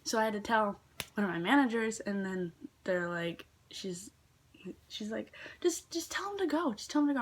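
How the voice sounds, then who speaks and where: A teenage girl casually telling work stories in a vlog, chatty with lots of fillers, sometimes dropping to a whisper. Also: mid-range voice. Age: teens. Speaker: vlogger.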